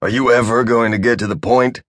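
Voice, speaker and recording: A man's voice: mid-range voice, steady tone, brisk, fairly bright tone, no room sound, pitched above the performer's own voice, lightly acted. A man voicing a tired, sarcastic male officer who is on medication. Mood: dry, sarcastic. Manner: dry, sarcastic. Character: sardonic, weary male officer under medication.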